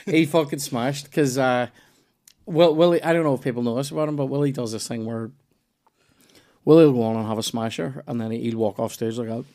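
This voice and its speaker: A man's voice: medium pitch, steady tone, a little fast, dark tone. A Northern Irish man telling loose, rambling stories in casual podcast chat, with restarts and swearing.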